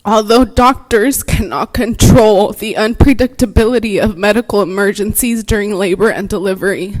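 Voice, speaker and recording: A woman's voice: medium pitch, steady tone, normal speed, a little mellow, poor audio. A woman therapist giving earnest, emotional public comment at a board meeting, reading prepared remarks.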